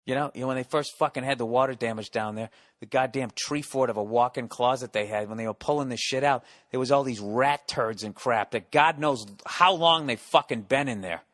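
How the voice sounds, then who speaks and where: A middle-aged American man hosting a podcast, delivering a profane, rambling comic monologue with swings between loud rants and muttered asides. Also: mid-range voice, fairly quick, hardly any pauses. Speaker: podcast host.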